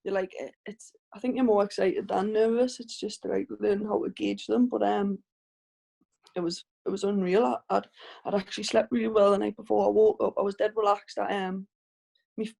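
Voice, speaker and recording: A woman's voice: mid-range voice, creaky, warm tone. A woman with a Geordie accent, a professional boxer, telling stories in a casual interview over a video call with lots of restarts. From Northeast England. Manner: chatty storytelling with frequent restarts and laughs.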